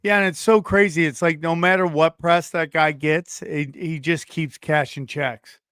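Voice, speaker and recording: Teasing man, slightly high voice. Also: fairly even intonation, a little slow, a bit bright, smooth, no room sound, clean studio sound. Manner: teasing, jokey. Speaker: podcast host. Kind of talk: casual podcast chat.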